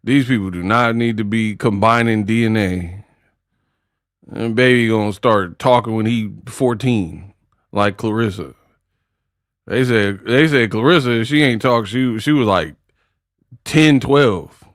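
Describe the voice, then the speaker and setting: A man's voice: on the low side, unhurried, no room sound, studio quality. A man doing casual live-stream commentary, joking and laughing in slangy banter with his chat.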